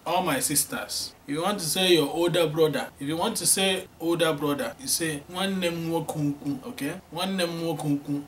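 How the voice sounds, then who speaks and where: Male language teacher, slightly raised pitch, patient drilling; faint background noise. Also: a bit bright. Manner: repeats words slowly for learners to echo. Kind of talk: spoken language lesson.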